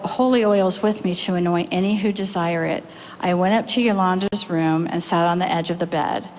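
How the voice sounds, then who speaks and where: A woman preacher delivers a sermon in a lowish voice, telling a story with earnest pauses. A faint noise hums behind her. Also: a little mellow, poor audio. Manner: earnest storytelling, reading quotes aloud with pauses. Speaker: pastor.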